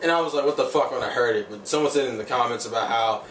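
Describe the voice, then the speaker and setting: Rapid-fire and a bit bright, a medium-pitched male voice rants through a loose, cursing review of an episode, leaning hard on "like" as he rambles. There's faint room noise, and the recording sounds roomy from a distant microphone.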